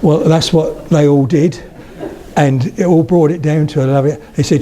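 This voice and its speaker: Before a live audience of about eighty, an older male lecturer on spoken English gives a public talk full of chatty anecdotes, regularly checking in with listeners. His voice is on the high side yet dark in tone, steady and moderately paced, over a little hiss or hum.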